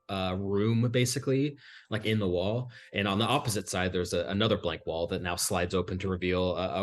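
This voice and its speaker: Low-voiced man running a tabletop game. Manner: descriptive, filler-laden storytelling. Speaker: game master. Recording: faint music behind.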